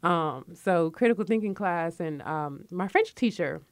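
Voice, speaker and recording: A woman's voice: fairly low pitch, animated, unhurried, no echo. A woman in her forties from Connecticut, a guest author chatting on a radio interview in a reflective, storytelling way. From Connecticut, USA. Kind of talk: casual radio interview talk.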